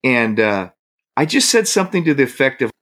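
Telling a story as a guest in a casual chat, a Bay Area man gets animated and laughs as he mimics what people said. His voice is mid-range, and he goes a little fast.

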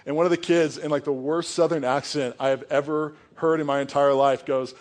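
A man's voice: a little high, fairly even intonation, a little fast, hardly any pauses, darkish tone. A young adult man preaching a sermon as pastor, earnest and conversational, with casual asides.

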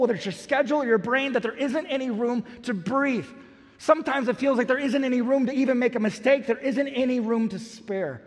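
A man in his thirties preaching a sermon with storytelling, animated, acting out the people in his story and swinging between loud and hushed. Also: very high-pitched, a little fast. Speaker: pastor. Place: church auditorium. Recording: long reverb of a large hall.

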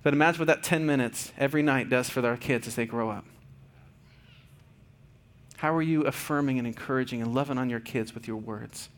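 A man in his thirties, a pastor giving a conversational, earnest sermon with fillers and restarts, going soft and quiet at tender points. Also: medium pitch, brisk, pauses often. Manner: drops to soft, quiet tones for tender moments.

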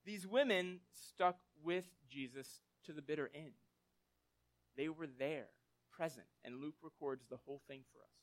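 High-voiced man preaching conversationally. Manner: conversational, tag questions like "right?"; animated storytelling with acted quotes. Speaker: pastor. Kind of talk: sermon.

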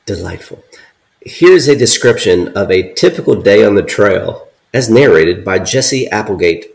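A man co-hosting a podcast, reading an old account aloud with deadpan asides. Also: on the low side, unhurried, creaky, rough recording. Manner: deadpan, reads quotes with dry asides. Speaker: podcast co-host.

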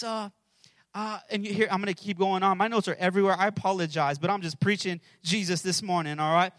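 Man, pastor, very high voice, bright and sharp, impassioned sermon, calls out to the congregation, dry close sound. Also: no room sound. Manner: impassioned preaching, shouting prayers and dropping to a hush.

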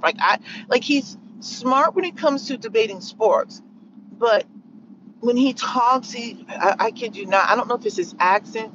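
Woman vlogger, mid-pitch, sarcastic and rambling, muffled lo-fi phone audio with faint road noise. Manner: sarcastic, rambling, lots of fillers. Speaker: vlogger sharing opinions. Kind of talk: casual opinion monologue.

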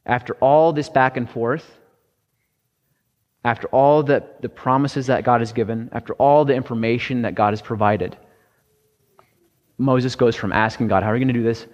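A man's voice: mid-range voice, fairly even intonation, darkish tone, highs cut off. Man preaching with heavy hall reverb. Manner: conversational, halting with restarts and fillers. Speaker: pastor. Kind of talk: sermon.

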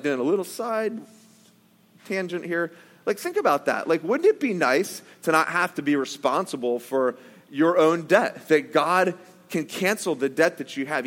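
Man, preacher, high voice, casual joking sermon, reverberant hall. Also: fairly bright tone. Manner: conversational, joking asides, acts out quotes. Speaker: pastor.

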